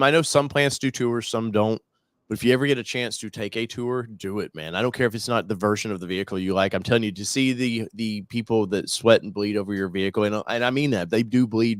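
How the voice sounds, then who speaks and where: A man hosting a live talk show, chatting casually in a rambling, excitable way with frequent restarts. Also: fairly low pitch, dry recording. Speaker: show host. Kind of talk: casual chat.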